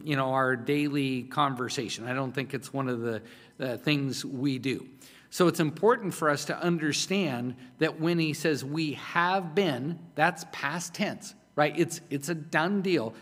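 A man's voice: medium pitch, a bit bright. A man preaching a sermon as pastor, emphatic and conversational, often repeating himself. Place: church hall. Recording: long hall reverb.

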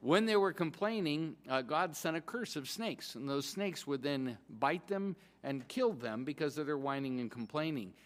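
A pastor giving a sermon in a conversational, excitable way, often restarting his sentences. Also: on the high side, normal speed, few pauses, long reverb tail.

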